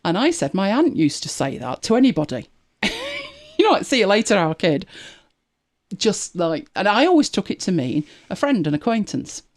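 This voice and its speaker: In casual live-podcast chat, a Manchester host with an English accent relates wry everyday stories, laughing as she goes in a chatty manner. Her mid-range, darkish voice swings broadly in pitch at normal speed.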